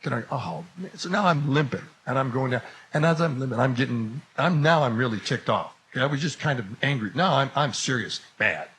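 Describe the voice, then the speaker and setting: A man telling a comic story to an audience, acting out every exchange and rising to shouts as it builds. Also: mid-range voice, fairly quick, few pauses, breathy edge, poor audio. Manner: animated, acts out the dialogue, voice rising to shouts at the climax.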